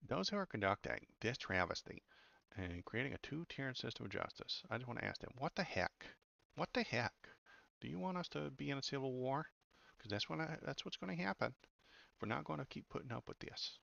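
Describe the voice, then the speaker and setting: A man's voice: mid-range voice, lively intonation, fairly quick, vocal fry, pushed and bright, dry recording, dull audio, voice pushed up, heavily acted. A man putting on a mocking Midwestern woman's accent to play an indignant woman politician.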